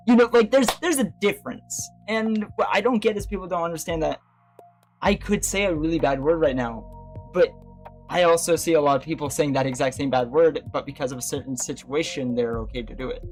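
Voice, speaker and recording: Talking to chat over soft background music, a livestream host with a medium-pitched voice speaks briskly. The casual conversation rambles, full of fillers and restarts, and the host laughs frequently.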